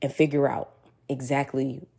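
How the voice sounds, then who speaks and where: A woman's voice: a bass voice, monotone, moderate pace, creaky, warm tone, slightly rough. A woman giving an earnest, encouraging motivational talk straight to her listeners, repeating reassurances as she goes. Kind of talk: casual motivational monologue.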